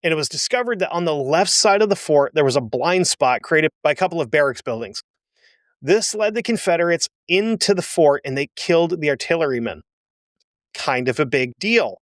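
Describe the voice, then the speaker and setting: A man's voice: fairly high pitch, dry recording, clean studio sound. A man hosting a history show, telling the story casually with blunt, sarcastic asides. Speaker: history podcast host.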